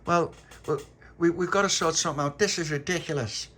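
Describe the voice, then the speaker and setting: Man voicing a high, indignant little boy, storybook. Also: a little fast, fairly bright tone, slight background noise, close to an everyday voice. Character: lively young boy, little Pab.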